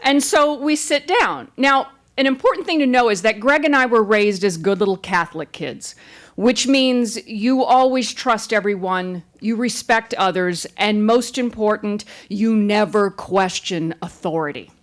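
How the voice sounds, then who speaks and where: A woman performing a comic personal story on stage, wry and animated. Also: mid-range voice, a little slow.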